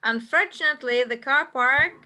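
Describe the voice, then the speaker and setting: A woman's voice: high-pitched, moderate pace, pushed and bright. A woman teaching a classroom English lesson, patiently checking answers one by one and repeating them. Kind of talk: classroom instruction.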